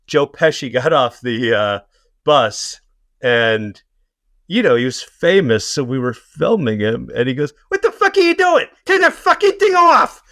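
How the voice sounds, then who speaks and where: A man telling laid-back anecdotes on a podcast, dropping swear words casually. His voice sits at an ordinary pitch. The recording is dry and close. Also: a bit bright, no echo. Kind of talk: casual chat.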